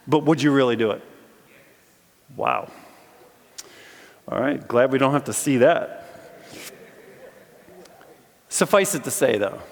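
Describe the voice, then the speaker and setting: Male campus preacher, lively storyteller, medium voice, reverberant auditorium sound. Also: medium pitch, unhurried, long pauses. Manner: animated storyteller, jokes with audience. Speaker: campus chapel speaker. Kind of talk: sermon. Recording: long reverb of a large hall.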